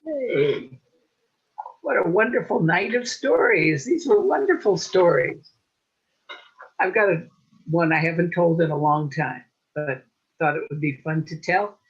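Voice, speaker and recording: Brief: woman storyteller, lively swooping delivery, slightly husky, video-call lo-fi sound. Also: fairly low pitch, a little slow, long pauses. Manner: animated, rhythmic repetition. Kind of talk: oral storytelling.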